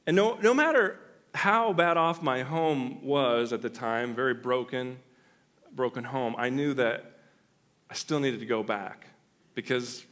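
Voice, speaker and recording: A male pastor telling a personal story in a sermon, animated and full of restarts. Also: medium pitch. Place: church sanctuary.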